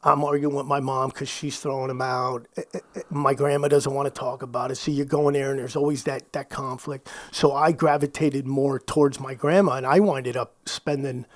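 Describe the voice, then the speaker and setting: A middle-aged man recounting his youth in a candid interview, animated, often restarting his phrases and slipping into quoted asides. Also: medium pitch, moderate pace, no echo. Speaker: podcast guest.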